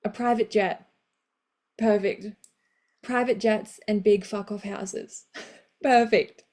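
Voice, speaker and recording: Warm, blunt motivational woman coach. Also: mid-range voice, slow pace. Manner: energetic, blunt, swears casually, cheers listeners on. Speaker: women's coach hosting a live session. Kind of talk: motivational live talk.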